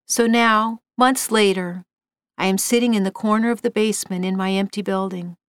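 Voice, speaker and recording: A woman narrating a first-person ghost story in a quiet, somber reading. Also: medium pitch, fairly even intonation, normal speed, smooth, dry recording.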